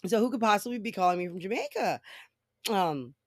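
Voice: medium pitch, lively intonation, brisk, no echo, studio quality. A podcast host in a casual solo monologue, swearing freely and rambling through stories.

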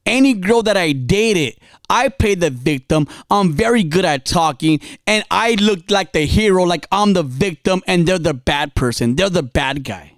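A man preaches in a casual, dramatic storytelling style. His voice rises and falls widely, dropping low for confession and climbing high to urge. It is recorded close and dry, with no room echo. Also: animated, normal speed, hardly any pauses. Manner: dramatic storytelling, confessional, swings from quiet to fiery. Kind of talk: impassioned spoken sermon.

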